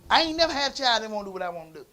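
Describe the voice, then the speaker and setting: A man's voice: high voice, sing-song, rapid-fire. Man preaching a story-driven sermon. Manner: conversational, swings from quiet asides to loud emphasis. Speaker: pastor. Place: church.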